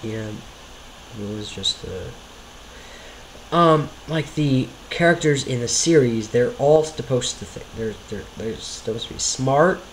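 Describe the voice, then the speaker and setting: A man's voice: medium pitch, a little hiss or hum, low-quality recording. A man giving casual, rambling commentary over his own homemade video series, often apologetic and self-deprecating.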